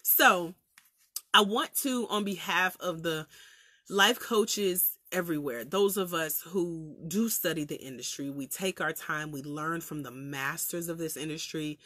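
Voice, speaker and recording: Bright, chatty Southern woman livestreaming. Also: sits low, unhurried, dry recording, studio quality. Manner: lively, chatty, preacherly; laughs often, colloquial. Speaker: life coach trainer. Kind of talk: livestream talk to viewers.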